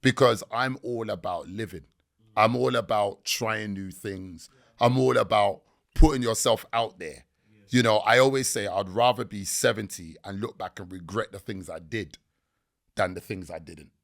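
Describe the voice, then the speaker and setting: Gravelly-voiced man telling stories. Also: on the low side, moderate pace. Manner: animated storytelling with slang. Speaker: podcast guest. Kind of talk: casual podcast interview.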